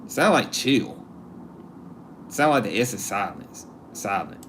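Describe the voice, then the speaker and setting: A man's voice: on the low side, big pitch swings, slow pace, a bit bright, slight background noise. A man hosting a casual live stream, joking with his viewers and laughing at himself as he talks. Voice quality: laid-back and joking, talks to chat. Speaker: livestream host.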